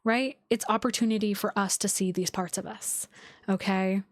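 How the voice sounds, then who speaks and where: A woman astrologer chats live with her viewers in a gushing, heartfelt way, her thoughts tumbling out with many likes and restarts. Her voice sits at a middle pitch and sounds close and dry. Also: steady tone, normal speed, no room sound. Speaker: astrologer hosting a live stream. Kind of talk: casual live-stream chat with viewers.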